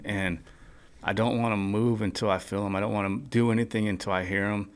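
This is a man with a lowish voice, a guest on a casual podcast. He speaks earnestly about his faith. He often pauses, restarts and fills the gaps with "um" and "like.". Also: steady tone, clean tone. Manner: earnest, halting, many fillers.

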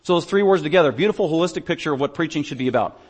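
A man preaching a sermon as pastor, emphatic, swinging between loud declarations and quiet asides. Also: fairly high pitch, animated, very fast, breathy edge. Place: church stage.

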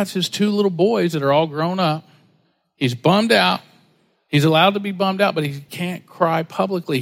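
A man pastor preaching a sermon in a casual, storytelling way, acting out the voices of people he quotes. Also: high-pitched. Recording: long hall reverb.

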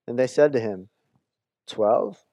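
A male pastor preaching a sermon in a conversational way, often restarting his words and giving the quoted scripture lively voices. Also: mid-range voice, slow pace, gravelly, no echo.

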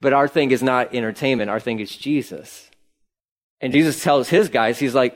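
A man's voice: medium pitch, normal speed. A man preaching a sermon in a church, talking conversationally with playful asides. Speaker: pastor. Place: church sanctuary.

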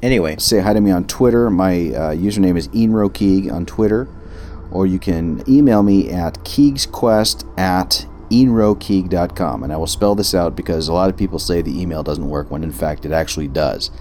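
A man's voice: low-pitched, moderate pace, a little mellow, a little hiss or hum. A man hosting his own podcast, chatting in a rambling, jokey, self-deprecating way. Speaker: podcast host. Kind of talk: casual chat.

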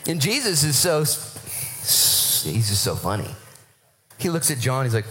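A man preaching a sermon, his voice rising and falling widely as he tells stories. He throws in acted-out quotes, and his pitch sits in the middle range for a man. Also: measured pace, a little hiss or hum. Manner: animated storytelling with acted-out quotes. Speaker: pastor.

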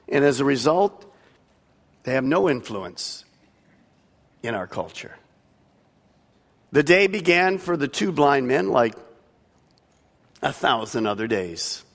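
A man preaching a sermon in a big hall, his voice somewhat high and very lively as it rises and falls. Long reverb rings after his words. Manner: emphatic preaching, swelling and dropping. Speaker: pastor. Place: large church hall.

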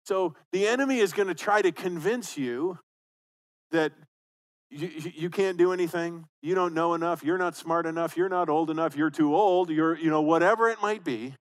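A man's voice: a little high, moderate pace. A man preaching a sermon as pastor, conversational and emphatic, repeating phrases for stress.

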